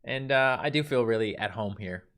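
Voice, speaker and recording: A man's voice: mid-range voice, normal speed, fairly bright tone. A man from Newfoundland with a Newfoundland accent, chatting casually on a livestream from a mostly empty carpeted room and answering viewer chat. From Newfoundland, Canada. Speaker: livestream host.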